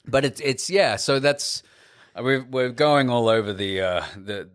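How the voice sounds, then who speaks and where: A man's voice: medium pitch, a little slow, clear, resonant tone, dry recording, clean studio sound. An Australian actor, a man, chatting animatedly as a podcast guest, with lots of restarts. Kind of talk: casual podcast chat.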